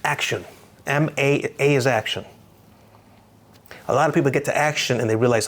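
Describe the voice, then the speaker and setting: An American man lecturing on real estate with punchy, upbeat energy. He talks straight to his students and drives key phrases home by repeating them. His voice sits at an ordinary male pitch. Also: moderate pace, pauses often, a bit bright.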